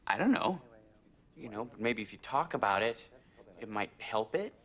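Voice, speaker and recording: An actor playing a young man who awkwardly tries to comfort a friend in a TV drama, halting and full of fillers. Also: fairly low pitch, big pitch swings, fairly bright tone. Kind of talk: TV drama dialogue.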